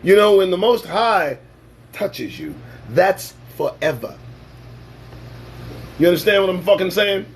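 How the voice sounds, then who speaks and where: Male talk host: animated, sarcastic sermon-like rant, speaks slowly with big pitch swings. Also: a little hiss or hum. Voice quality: animated, swings from loud bursts to low asides. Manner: preachy, sarcastic, swears freely. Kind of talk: profane freewheeling monologue.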